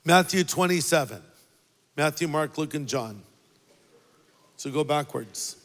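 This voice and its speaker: High-voiced pastor preaching in a big hall. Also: male voice, lively intonation, a little slow, a bit bright. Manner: conversational preaching, dropping low for quoted words and rising for emphasis. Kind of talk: sermon. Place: large church auditorium. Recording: long reverb of a large hall.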